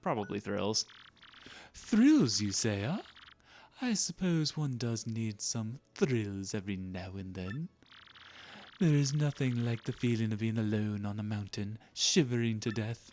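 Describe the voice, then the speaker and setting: A man's voice: lowish voice, animated, unhurried, a little mellow, a little hiss or hum. A man voicing a vain, dramatic rich male merchant who talks in a pompous, theatrical way with a put-on foreign lilt.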